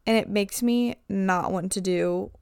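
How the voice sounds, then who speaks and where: A woman's voice: mid-range voice, measured pace, gravelly, darkish tone, clear, resonant tone, no echo, clean studio sound. A young woman hosting a casual podcast monologue as a swim coach, chatty and full of "like" fillers.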